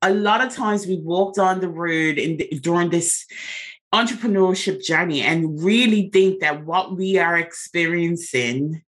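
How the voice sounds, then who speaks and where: A woman's voice: fairly low pitch, a little slow. Brief: woman podcast host, emphatic and encouraging, conversational. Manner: emphatic, encouraging, uses rhetorical "right?" and "listen".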